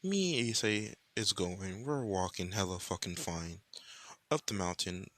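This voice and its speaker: A man's voice: low-pitched, measured pace, a bit bright, no echo. Young man rambling a profane fan story. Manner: casual, rambling and profane, heavy slang. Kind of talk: improvised fan-fiction storytelling.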